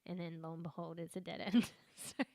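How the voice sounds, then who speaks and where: A woman's voice: lowish voice, level tone, fast talker, vocal fry, mellow, dry recording, studio quality. A woman streaming a horror game, chatting casually with lots of swearing, laughing as she talks. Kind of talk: casual live-stream commentary.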